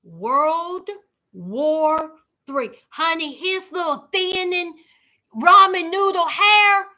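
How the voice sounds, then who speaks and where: A woman's voice: extremely high pitch, extremely slow, sharp tone. A woman hosting a casual livestream, giving sassy, emphatic commentary and talking straight to her viewers. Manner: sassy, emphatic, talks to viewers as y'all and honey. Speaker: commentary host.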